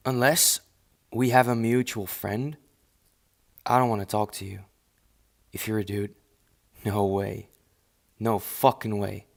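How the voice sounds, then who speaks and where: A man's voice: on the low side, gravelly. A man ranting on a live stream in a casual, profane and dismissive way, rambling and restarting his sentences, talking into an earphone mic.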